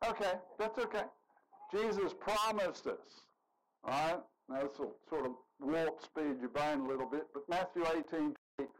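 A man's voice: fairly high pitch, normal speed, low-quality recording. A man preaching a sermon in a conversational way, joking with the congregation.

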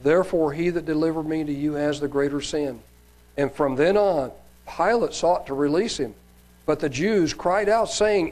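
A man's voice: on the high side, moderate pace, darkish tone, rough recording. A man preacher reading Bible passages aloud and adding sermon comments, raising his voice for quoted cries, with some fillers and restarts.

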